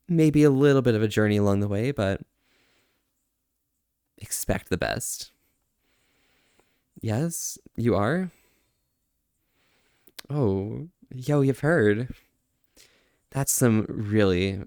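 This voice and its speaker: A man streaming and chatting casually, soft-spoken, drawing out slow words of praise. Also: lowish voice, no echo, studio quality. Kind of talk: casual livestream chat.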